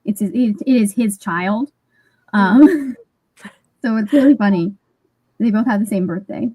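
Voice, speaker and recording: A woman's voice: medium pitch, measured pace, dark tone, husky, no echo, poor audio. A woman in a casual group chat, friendly and laughing easily. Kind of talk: casual chat on a video call.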